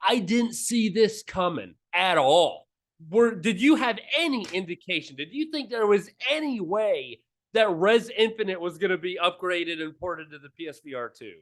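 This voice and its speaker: Excitable man co-hosting a gaming podcast. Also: sits high, normal speed. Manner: excitable, jokey, gushing. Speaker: podcast co-host. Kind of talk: casual gaming podcast chat.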